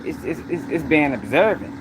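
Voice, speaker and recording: A man's voice: fairly high pitch, animated, moderate pace, heavy background noise. A man hosting his own news commentary livestream, talking emphatically, repeating points and speaking straight to his viewers. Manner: emphatic, repetitive, addresses viewers directly.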